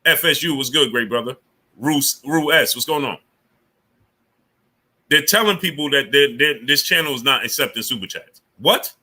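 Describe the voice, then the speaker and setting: A man's voice: mid-range voice, normal speed, long pauses, pushed and bright. A man hosting a casual live stream, greeting viewers by name and grumbling with indignation about the platform. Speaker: livestream host.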